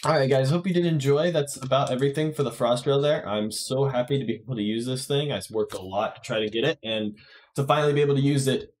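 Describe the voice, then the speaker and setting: A man's voice: medium pitch, quick pace. Chatty man narrating gameplay. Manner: chatty, talks to viewers, self-correcting. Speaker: gaming YouTuber. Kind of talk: casual gameplay commentary.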